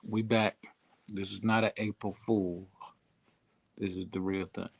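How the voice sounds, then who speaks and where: A male podcast host with a fairly low voice, talking casually and building hype. He keeps calling his listeners to come on in and join the show. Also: flat delivery, a little slow, vocal fry, breathy edge. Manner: hyped, repeats calls to the audience to come on in. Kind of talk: casual chat.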